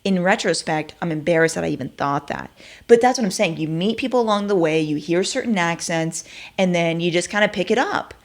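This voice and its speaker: A woman's voice: on the low side, a little fast. A woman from Texas hosting a show, talking in a chatty, self-deprecating way full of fillers. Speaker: show host. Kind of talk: casual commentary.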